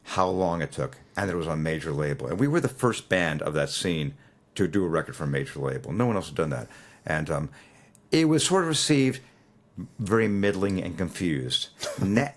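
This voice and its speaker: A man in his sixties with a very deep voice tells stories as an interview guest. His pitch swings widely, and he acts out the lines of the people he quotes. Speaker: musician guest. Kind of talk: storytelling interview.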